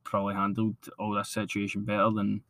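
A Scottish man co-hosting a casual football podcast, calmer and agreeable, steering the chat along. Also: fairly low pitch, fairly quick, no room sound. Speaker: podcast co-host.

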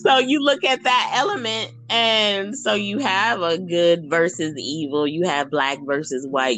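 A woman co-hosting a casual talk show, animated and quick to laugh. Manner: animated, laughs often, high squeals of laughter. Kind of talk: casual chat.

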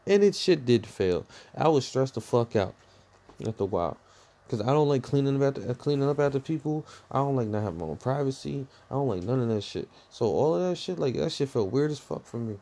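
A young man telling a personal story in a rambling, profane, animated way, full of fillers. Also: medium pitch, a little fast. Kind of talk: casual storytime rant.

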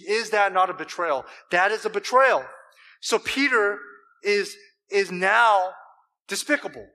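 A man's voice: high-pitched, lively intonation, a little slow, bright, forceful tone. A man preaching a sermon to a church congregation, emphatic and full of rhetorical questions. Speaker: pastor.

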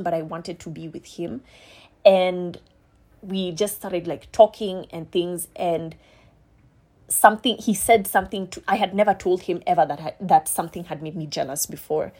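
A young adult woman telling a personal story in a frank, confessional way, swearing freely and pausing often. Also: fairly low pitch. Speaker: podcast co-host. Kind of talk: candid storytelling chat.

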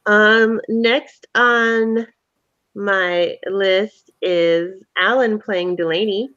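A woman's voice: mid-range voice, steady tone, very slow, a bit bright. A woman guides a tabletop game as its game master, asking her players friendly questions and drawing out their characters. Her voice comes through a dull, lo-fi recording. The room adds no echo.

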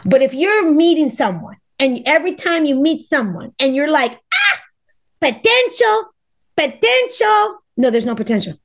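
A woman's voice: sits high, big pitch swings, a little fast, hardly any pauses. Emphatic middle-aged woman dating coach. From Los Angeles, Cuban family. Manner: emphatic, repeats words, acts out quoted people. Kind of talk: podcast interview.

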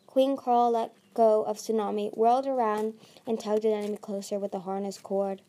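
A woman reading a fantasy novel aloud, slowly and haltingly, with frequent restarts. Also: mid-range voice, little pitch movement, dark tone. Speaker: audiobook reader. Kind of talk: amateur audiobook narration.

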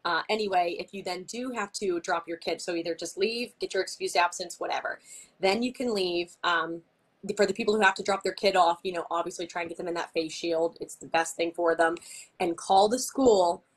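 Brisk and lowish-voiced, this female interview guest keeps things chatty and casual. Her speech is peppered with "like," and she plays out both sides of the exchanges she recounts.

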